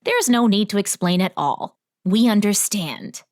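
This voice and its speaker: A woman's voice: mid-range voice, lively intonation, measured pace, darkish tone, close to an everyday voice. A woman playing a dramatic, gossipy town lady. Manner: dramatic, cackling, coy. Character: theatrical gossipy small-town woman, coy. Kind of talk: audiobook character voice.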